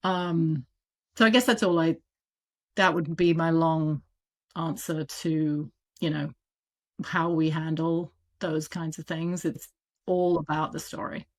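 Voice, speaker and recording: A woman with a British accent, an audiobook publisher talking casually and animatedly as an interview guest. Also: deep voice. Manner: animated, chatty, quick asides with laughs.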